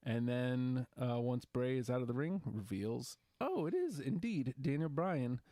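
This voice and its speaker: A man's voice: medium pitch, lively intonation, a little slow, mellow, dry recording, clean studio sound. A man co-hosting a casual wrestling podcast, recapping matches and quoting wrestlers in voices. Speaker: podcast co-host.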